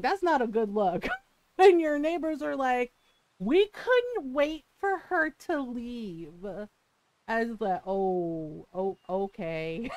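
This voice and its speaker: Woman, streamer, casual live-stream rant, laughing, swearing, medium pitch, dry close sound. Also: no room sound, rough recording. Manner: animated storytelling rant, frequent laughs and swearing.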